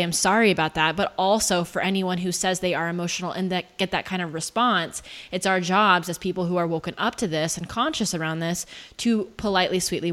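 A woman's voice: on the low side, fairly bright tone. A woman coach hosting a casual conversation, speaking earnestly and stretching words for emphasis. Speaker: podcast host, coach.

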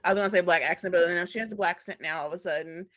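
Animated woman chatting, laughing often. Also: on the low side, racing. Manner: animated, laughs often, acts out quoted voices. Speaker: podcast co-host. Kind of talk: casual chat.

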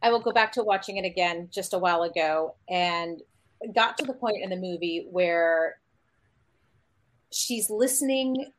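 A woman's voice: on the low side, unhurried. A woman, a panel guest, telling a casual story and acting out quoted lines of dialogue. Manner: anecdotal, acts out quoted dialogue.

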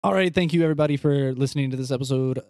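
A man hosting a tabletop game podcast, narrating the scene for his players in an easygoing way with frequent filler pauses. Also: mid-range voice, a little mellow, dry recording, studio quality. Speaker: game master and podcast host.

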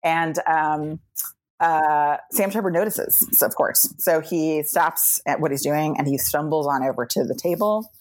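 Woman from New York, deep low voice, chatty storyteller, laughs a lot between phrases. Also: measured pace. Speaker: comedy podcast guest. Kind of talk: casual anecdote telling. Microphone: remote video call.

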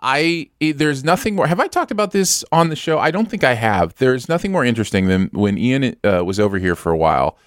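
A man's voice: mid-range voice, fairly quick, hardly any pauses, no room sound, studio quality. A man hosting a casual podcast chat, telling stories with a laugh. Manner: animated, laughing storyteller. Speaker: podcast host.

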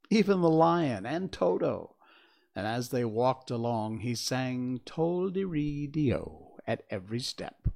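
A man narrating a children's storybook aloud in an expressive, storytelling manner. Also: mid-range voice, creaky. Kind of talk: audiobook narration.

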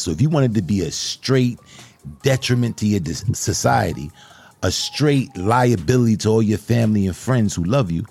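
An earnest male host talking casually and encouragingly to his guest, often restarting and repeating his phrases. His voice is low and gravelly, and faint music runs underneath. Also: animated, normal speed, darkish tone. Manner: repetitive, earnest, encouraging, addresses guest as brother. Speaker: show host. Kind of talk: casual interview chat.

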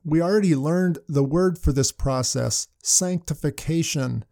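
A man's voice: on the high side, measured pace, vocal fry, mellow, no echo, studio quality. An older man preaching a sermon, telling anecdotes in a storytelling manner. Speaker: pastor.

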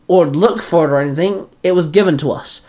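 A man's voice: a little high, brisk, mellow, close to an everyday voice. A man voicing a defensive young ranger who snaps back. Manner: snappy, defensive.

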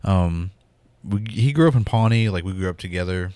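A man with a Southern Oklahoma accent chats in a loose, filler-heavy way and swears casually. His voice sits very low, and the sound is dry with no room echo. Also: animated, moderate pace, mellow, smooth. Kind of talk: casual chat.

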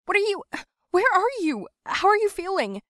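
A woman voicing a worried, bossy young friend who talks high and urgently. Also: sing-song, normal speed, a bit bright, no room sound, clean studio sound, exaggerated voice.

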